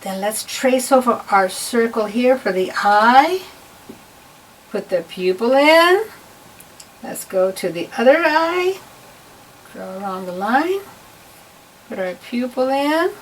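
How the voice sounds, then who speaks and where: A woman's voice: fairly high pitch, lively intonation, slow pace, pauses often. A woman giving a patient, step-by-step drawing lesson to children. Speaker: art teacher. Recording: voice a bit far from the mic.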